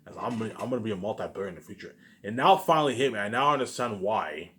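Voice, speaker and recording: Male vlogger with a lowish voice and a rapid delivery. Delivers a heated, profane, repetitive monologue full of restarts. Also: animated, a bit bright. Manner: repetitive, profane, keeps asking "you know what I'm saying"; heated, restarts and stammers often. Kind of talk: rambling personal monologue.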